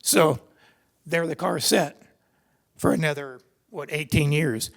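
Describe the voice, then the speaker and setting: Slow and gravelly, with a fairly high pitch, an older man shares his own racing stories at a seminar. He rambles in a chatty way and keeps starting his sentences over; the setting is a seminar hall.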